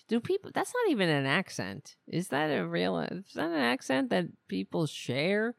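A woman's voice: mid-range voice, sing-song, moderate pace, vocal fry, few pauses, no echo, clean studio sound. A woman hosting a podcast, giving sarcastic, mocking, profane political commentary. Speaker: podcast host.

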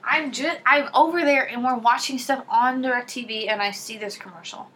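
A woman's voice: on the high side, normal speed, a little hiss or hum. A woman co-hosting a podcast, chatting casually and teasing her sister as she talks. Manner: chatty, teasing, animated retelling. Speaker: podcast co-host. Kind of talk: casual chat.

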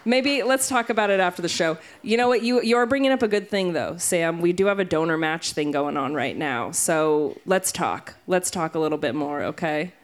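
A woman hosting a live storytelling event, chatting casually and laughing often. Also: mid-range voice. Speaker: event host. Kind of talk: casual emcee banter. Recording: live event with audience noise.

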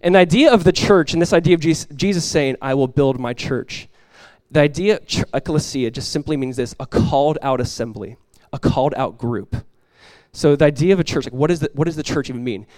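A man preaching a sermon as pastor, conversational and lively, telling stories and acting out quoted voices. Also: fairly high pitch, fast talker, dry recording.

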